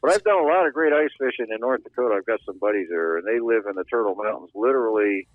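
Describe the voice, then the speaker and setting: An older man with a lowish voice spins folksy, plainspoken yarns as an interview guest. His voice comes through a thin, phone-like line with no room sound. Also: expressive, fast, no echo. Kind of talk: casual storytelling interview. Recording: tinny phone-like line, dry.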